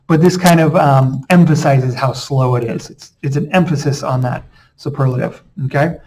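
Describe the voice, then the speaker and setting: A man teaching a casual video lesson, relaxed and chatty, often checking in with the listener. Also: medium pitch, normal speed, a little hiss or hum, low-quality recording. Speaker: Spanish teacher.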